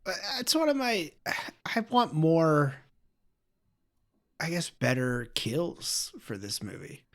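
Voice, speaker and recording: A man's voice: a little high, wildly swooping pitch, takes it slowly. A man on a podcast joking crudely in casual chat.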